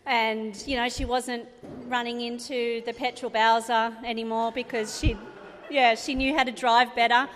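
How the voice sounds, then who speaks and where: At a wedding reception venue, a woman in her thirties with an Australian accent gives a chatty, rambling speech for her sister, laughing often. Her voice is a little high, level in tone, and at a normal speed. The recording has the echo of a reverberant hall.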